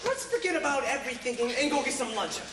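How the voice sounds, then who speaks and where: A woman's voice: high voice, sing-song, fast. A woman playing a panicky cheating husband. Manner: pleading, flustered. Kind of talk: stage play acting. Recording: echoey theater, distant mic, loud noise.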